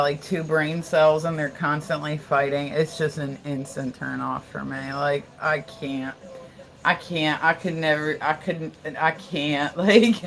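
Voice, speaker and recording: A woman's voice: sits low, a bit bright. A young American woman chatting casually on her live stream, blunt and rambling, repeating herself and swearing freely. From United States. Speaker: livestream host.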